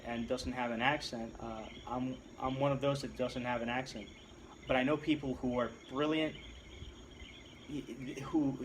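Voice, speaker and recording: A man's voice: medium pitch, slight background noise. A man in his thirties from Puerto Rico, answering viewer questions in a casual vlog, rambling and self-deprecating with lots of restarts. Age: 30s.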